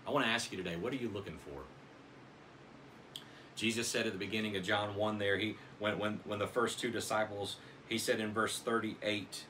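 A man's voice: lowish voice, a little fast, over music. A man preaching a sermon as pastor of his church, earnest and dramatic in his scripture reading.

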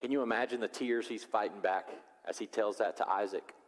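A man's voice: lowish voice, brisk. Male pastor preaching, acts out the bible characters, long echo from a big hall. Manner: animated, acts out biblical characters in voices. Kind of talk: sermon. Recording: long reverb of a large hall.

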